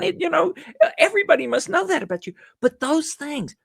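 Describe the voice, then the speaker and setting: A man speaking as a podcast guest, telling stories in an animated way and acting out little bits of dialogue. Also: extremely high pitch, a little fast, gravelly, dry recording, studio quality. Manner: animated storyteller who acts out little dialogues. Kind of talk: conversational podcast interview.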